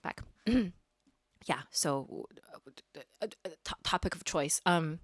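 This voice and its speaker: A woman's voice: on the high side, big pitch swings, slow pace, pauses often, pushed and bright, dry recording, studio quality. A woman musician chatting playfully on a live-streamed show, rambling with laughter and dramatic asides. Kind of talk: casual chat to a live stream.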